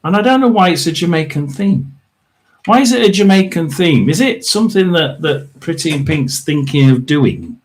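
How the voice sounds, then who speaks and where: A man hosting a casual livestream tarot reading, talking to viewers in a rambling, chatty way with lots of fillers and throat clearing. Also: fairly high pitch, very animated, normal speed. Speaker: tarot reader and livestream host.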